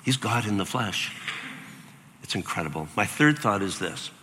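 An older man preaching a sermon as pastor, animated and acting out voices with sudden jumps in pitch. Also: normal speed, long reverb tail, background noise.

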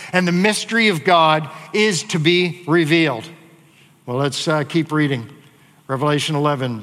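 Bright-voiced pastor preaching in a hall. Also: male voice, sits high. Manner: conversational teaching with fillers and asides. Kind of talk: sermon with scripture reading.

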